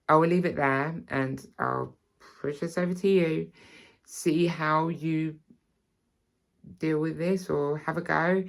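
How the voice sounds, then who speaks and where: British woman tutor, very deep and unhurried, gravelly edge, halting repeats. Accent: British, non-RP. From Britain. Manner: halting, repeats words, starts many lines with "so". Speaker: accent teacher. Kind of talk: accent tutorial.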